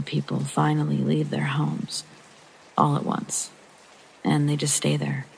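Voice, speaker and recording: A narrator reads a true horror story meant for sleep, his voice deeply gravelly and full of vocal fry at a middling pitch. He goes slow and hushed, sometimes dropping almost to a whisper, over soft rain. The recording is rough, with slight background noise.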